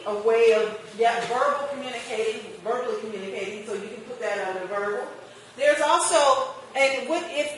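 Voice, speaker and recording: Fairly high voiced woman lecturing a class, quizzes the room, recorded far off in a big echoey room. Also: a little hiss or hum. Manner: lively, questions the class and acts out customer exchanges. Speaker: marketing instructor. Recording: echoey room picked up from a distance.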